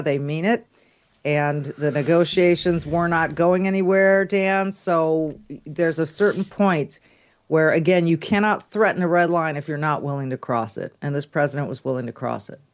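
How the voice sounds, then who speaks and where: A woman's voice: low voice, steady tone, normal speed. A woman appearing as a guest commentator, firm and matter-of-fact. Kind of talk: political talk show interview.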